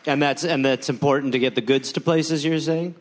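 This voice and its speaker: A man's voice: on the high side, steady tone, fairly quick, slight background noise. A man co-hosting a live comedy podcast, riffing jokes in a rambling way with lots of fillers. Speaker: comedian co-host. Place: live stage before an audience.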